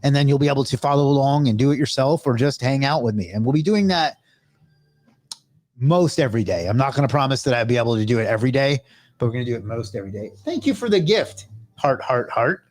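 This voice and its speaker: A man's voice: medium pitch, fast, a little mellow, no room sound. A man with a mid-range voice hosts a live stream. He talks casually and chattily to his viewers, thanking them and asking them to subscribe.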